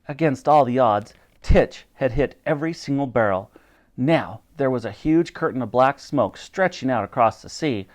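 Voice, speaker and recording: A man reading a children's adventure book aloud, animated and switching between character voices. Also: mid-range voice, moderate pace. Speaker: storyteller.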